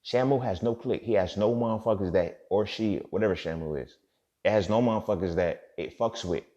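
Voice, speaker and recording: A man with a very low, gravelly voice talks through a loose, profane motivational monologue, full of street slang and checking in with his listener. The recording sounds dull and lo-fi. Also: mellow. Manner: profane, streetwise slang, repeats "you feel me". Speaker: podcast host.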